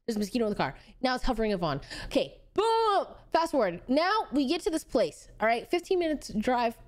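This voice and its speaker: A young woman streamer casually telling a story to her chat, acting out quotes and swearing freely. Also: high voice.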